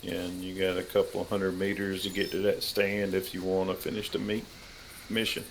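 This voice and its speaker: A man's voice: low-pitched, completely flat delivery, fairly quick, a little hiss or hum, low-quality recording. A man hosting a hunting game stream, chatting casually and teasing his guest. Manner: joking, teasing, laid-back. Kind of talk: casual gameplay chat.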